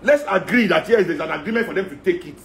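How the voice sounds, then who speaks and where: A man's voice: high voice, lively intonation, fast, creaky, slight background noise. A man with a Nigerian accent giving an impassioned rant, firing off rhetorical questions. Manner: heated, rhetorical, repeating questions. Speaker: speaker in a talk.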